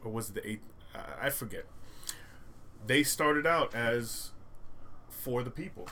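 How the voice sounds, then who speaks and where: A man's voice: mid-range voice, lively intonation, a little slow, sharp tone, slight background noise. A man chatting casually as a co-host, talking in hesitant restarts. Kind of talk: casual political chat.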